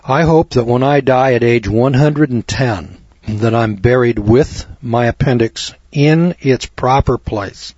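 Man, folksy lecturer, husky voice, dry dull lo-fi sound, emphatic with repeated words. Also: mid-range voice, a little slow, a little mellow, no echo. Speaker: health lecturer. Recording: dull lo-fi recording.

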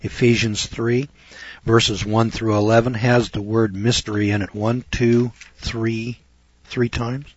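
A man's voice: on the low side, level tone, a little slow, slightly rough, no echo. A middle-aged man, a lawyer, giving a folksy, sarcastic lecture on Bible passages and spinning courtroom stories as he goes. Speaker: lawyer teaching scripture. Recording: dull lo-fi recording.

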